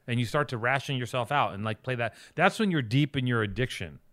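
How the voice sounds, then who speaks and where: A man's voice: mid-range voice, lively intonation, fairly quick, fairly bright tone, dry recording. Rambling, cursing podcast co-host man. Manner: rambling, profane, jumps between tangents. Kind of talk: loose comedic banter.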